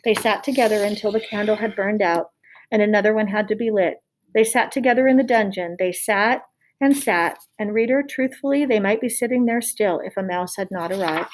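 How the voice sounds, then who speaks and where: A woman reading a children's novel aloud expressively, pausing to talk to the listener. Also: mid-range voice, poor audio. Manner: expressive, addresses listener directly. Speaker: storybook reader.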